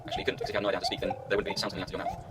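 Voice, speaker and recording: A man's voice: fairly low pitch, wildly swooping pitch, racing. A man giving rambling, self-mocking commentary while he plays a video game, talking half to himself. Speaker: let's play gamer.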